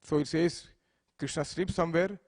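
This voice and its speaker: Male preacher, fairly high voice, storytelling sermon that acts out dialogue with loud bursts. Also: fairly even intonation, normal speed. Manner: acts out the deities' speech with rising loudness, asks listeners "right?". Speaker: speaker giving a temple lecture.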